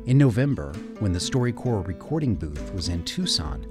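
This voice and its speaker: A man's voice: fairly low pitch, sing-song, normal speed. A man hosting a radio program, reading a scripted introduction in an announcer-like way. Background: guitar music.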